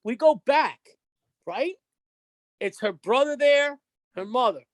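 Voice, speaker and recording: Speaking slowly in a high-pitched voice, a female podcast guest tells a story peppered with swearing. She animatedly performs each quoted line, and the recording has no room sound.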